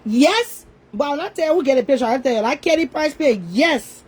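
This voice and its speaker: High-voiced scolding woman. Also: animated, a little fast, a little mellow, slightly rough, poor audio. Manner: scolding, repetitive, confrontational. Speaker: online commentator. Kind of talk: ranting social media commentary.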